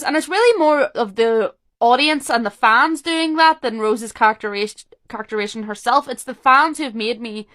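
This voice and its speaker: A young woman vlogger reacting to a rewatch in casual, chatty commentary. She is excitable and opinionated, and her sentences restart and interrupt themselves. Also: on the high side. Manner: excitable, talks fast with restarts and self-interruptions; opinionated, emotional fan.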